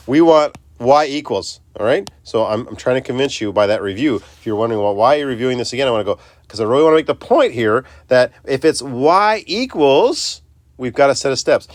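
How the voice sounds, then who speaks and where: A man's voice: medium pitch, no echo. A man teaching a recorded math lesson, chatty and self-interrupting, talking students through each step.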